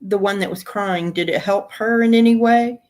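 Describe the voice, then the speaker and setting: A woman hosting a casual chat, calm and unhurried, with short replies. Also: mid-range voice. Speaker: host.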